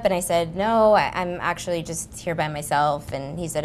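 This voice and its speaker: Chatty, giggling woman with a lowish voice. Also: normal speed, hardly any pauses, a crowd in the background. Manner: chatty, self-mocking, with giggles. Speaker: celebrity guest. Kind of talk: comic anecdote on a game show.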